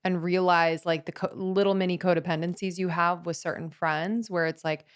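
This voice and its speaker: A woman's voice: on the low side, fairly even intonation, normal speed, clean tone. A young adult woman co-hosting a podcast, talking earnestly with lots of filler words. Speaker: podcast co-host. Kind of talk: casual chat.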